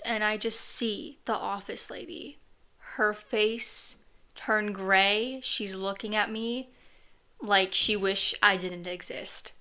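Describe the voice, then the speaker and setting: A woman's voice: mid-range voice, sharp tone. A woman casually telling a personal story on her podcast, chatty and earnest, with lots of "like" fillers.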